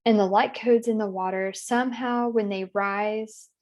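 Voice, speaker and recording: A woman guiding a hypnosis session, speaking softly and slowly as she passes on her client's words and asks gentle questions. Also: medium pitch, steady tone. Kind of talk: relaying a regression session.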